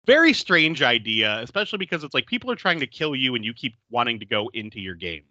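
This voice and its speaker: A man's voice: mid-range voice, quick pace, dry recording, dull audio. A man hosting a podcast, recapping a film in casual chat and laughing often. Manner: laughs often, animated and chatty. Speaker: podcast host.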